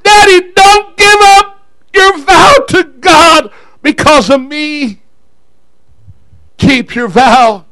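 A woman's voice: extremely high pitch, very animated, measured pace, fairly bright tone, no echo, pitched above the performer's own voice, full character voice. A man voicing a devoted young girl who greets her father with shrieks and sobs, then pleads with him. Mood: pleading.

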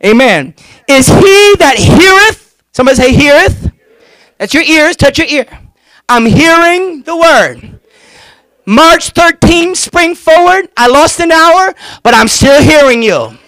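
A man preaching a fervent sermon to his congregation, calling for responses and shouting at the peaks with drawn-out emphatic phrases. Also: extremely high pitch, lively intonation, no room sound, rough recording. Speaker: pastor. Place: church.

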